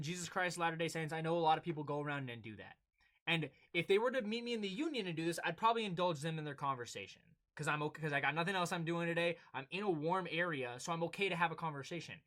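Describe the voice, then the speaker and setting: Young guy on a podcast, high bright voice, acts out everyone in his stories. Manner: animated storytelling, acting out exchanges. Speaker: podcast co-host. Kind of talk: casual chat.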